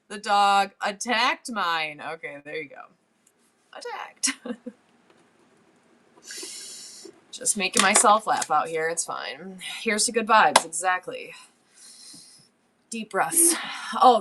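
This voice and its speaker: A woman in her forties runs a live-stream sale, talking easily as she holds up antiques. Her chat rambles from item to item and she laughs often. Her voice sits at an ordinary middle pitch. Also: pushed and bright.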